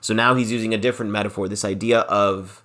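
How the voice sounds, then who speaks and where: Low-voiced man explaining a literary passage. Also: fairly even intonation, fast, pushed and bright. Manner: explanatory, repeats key phrases for emphasis. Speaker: lecturer on literature. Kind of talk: literary lecture, reading passages aloud and explaining them.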